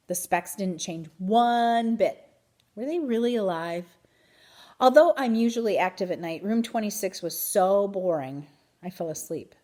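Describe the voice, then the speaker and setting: Woman reading a kids' chapter book out loud, really lively ups and downs. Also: medium pitch. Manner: expressive, animated children's-book reading. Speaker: reader. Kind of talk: storybook read-aloud.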